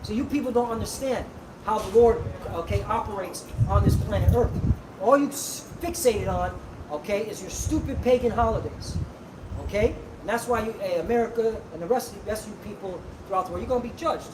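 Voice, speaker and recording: Male street preacher, high voice, scolding and forceful, distant roomy outdoor recording under loud traffic. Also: fairly quick. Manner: forceful and scolding, peppered with "okay?" and "all right?". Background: traffic and street ambience.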